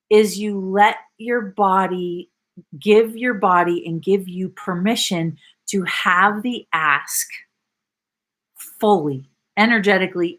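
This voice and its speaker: A woman coach talking to a live online audience, reading out viewer comments and speaking with animated, emphatic bursts and exclamations. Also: a little high.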